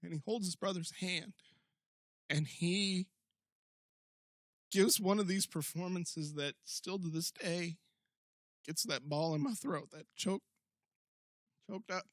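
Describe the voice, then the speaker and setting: A man's voice: high-pitched, slow pace, long pauses, dry recording, studio quality. A man co-hosting a casual wrestling podcast, joking and laughing often. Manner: joking, playful, prone to laughing. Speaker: podcast co-host.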